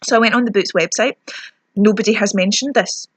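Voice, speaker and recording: A woman's voice: mid-range voice, fairly quick, husky, dry recording. A young Scottish woman ranting chattily through a lip product review, self-mocking as her lips sting. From Scotland. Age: young adult. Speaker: beauty vlogger.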